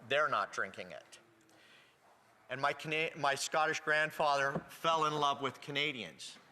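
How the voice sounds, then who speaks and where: Halting man speaking in a chamber. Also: on the high side, bright, forceful tone. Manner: halting, repeats words while searching. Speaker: member of parliament. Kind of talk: parliamentary speech. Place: legislative chamber. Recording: long reverb of a large chamber.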